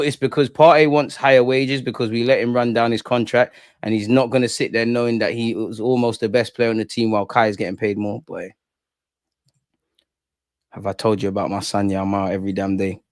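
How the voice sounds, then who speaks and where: A man's voice: mid-range voice, a little fast, vocal fry, no echo, clean studio sound. A young man, chatting casually on a live stream in slangy, joking banter. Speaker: streamer reading live chat. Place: room at home with curtains closed.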